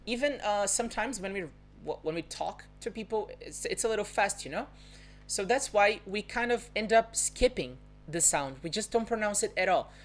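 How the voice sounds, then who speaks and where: A woman from Rio, a Portuguese speaker, giving a live online lesson, fast-talking and patiently demonstrating pronunciation with example words. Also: mid-range voice, animated, soft background music. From Rio de Janeiro, Brazil. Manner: talks fast by her own account. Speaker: Portuguese teacher. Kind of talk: live-streamed language lesson. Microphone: phone or webcam for a social media live.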